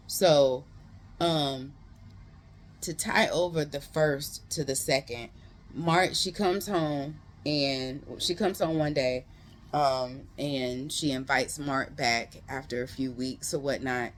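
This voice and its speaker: A book reviewer giving a casual, animated retelling of a novel's plot, full of slangy asides to viewers. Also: medium pitch, takes it slowly, a little hiss or hum. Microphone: close.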